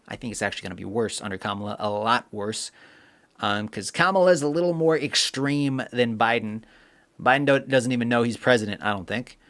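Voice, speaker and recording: A man's voice: mid-range voice, a bit bright. A man hosting a live stream, chatting casually and reading viewer comments aloud with lots of fillers. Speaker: livestream host.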